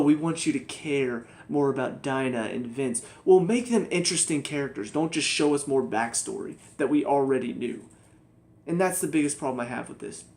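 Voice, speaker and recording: A man's voice: on the high side, a little mellow. A young man giving a casual spoken TV review, ranting in exasperation and mocking the characters. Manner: exasperated, ranting, mocks characters in quoted voices. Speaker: TV show reviewer.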